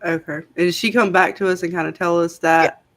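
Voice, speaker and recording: A woman playing a tabletop game with friends, lively and quick to laugh. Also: on the low side. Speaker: player.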